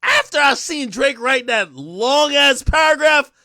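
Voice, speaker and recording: A man hosting a livestream, ranting casually and profanely to his chat, often shouting and laughing. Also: very high voice, expressive, measured pace, no room sound, clean studio sound. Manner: profane, addresses chat directly. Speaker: livestream host.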